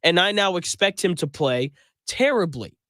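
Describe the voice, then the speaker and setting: A sports radio host with a voice pitched a little high for a man. He talks in a conversational, emphatic way and gives his opinions freely. His studio sound is dry and close, with no room echo. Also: expressive, normal speed, bright, forceful tone. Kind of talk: sports talk radio monologue.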